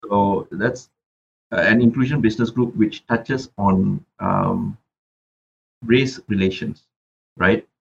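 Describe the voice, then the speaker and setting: A man's voice: lowish voice, sing-song, slow pace, creaky, pauses often, highs cut off, a little hiss or hum. A Malaysian man who raps, talking reflectively as a podcast guest and often repeating words while he thinks. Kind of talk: casual interview chat.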